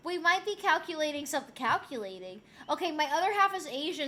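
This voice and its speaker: A young woman chats loosely on her stream and reads out chat messages in a high voice. She swears and laughs easily, and her tone stays relaxed and unscripted. Her throat sounds a little sore. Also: brisk, few pauses. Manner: chatty and loose, swears freely, laughs often. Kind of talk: casual chat stream, reading chat aloud.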